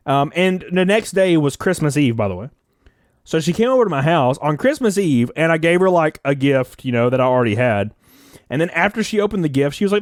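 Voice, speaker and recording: A man's voice: fairly high pitch, fairly quick, dry recording, studio quality. A young man telling relationship stories in a casual, profane and jokey way on a live stream. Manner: animated, profane, jokey storytelling. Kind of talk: casual storytelling to camera.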